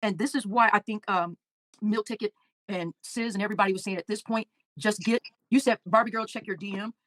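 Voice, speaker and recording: Woman livestream host, rapid, emotional, halting delivery, dry sound. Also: mid-range voice, fairly bright tone, dry recording. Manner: emotional, halting, repeats words. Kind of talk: casual livestream chat reading comments.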